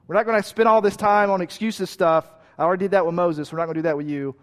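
A man preaching a sermon with emphatic repeated lists, sometimes dropping to a quiet hush. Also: high-pitched, steady tone, fast, hardly any pauses. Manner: drops to a quiet hush at key points. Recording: long reverb of a large hall.

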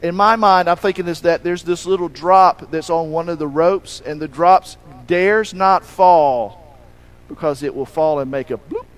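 A man preaching a sermon, telling a story with animated delivery, acting out quoted lines and swinging between loud emphasis and hushed moments. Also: on the high side, normal speed, few pauses, low-quality recording. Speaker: pastor.

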